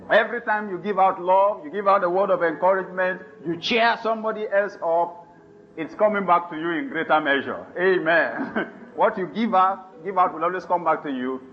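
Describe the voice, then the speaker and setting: High-voiced preacher man, lively sermon. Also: muffled recording, slight background noise. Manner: animated preaching with laughs and call-and-response. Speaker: pastor.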